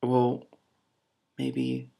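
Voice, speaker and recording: A man reading a novel aloud and breaking off for excitable, self-mocking asides. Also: mid-range voice, drawn-out words, creaky. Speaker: book reader and commentator.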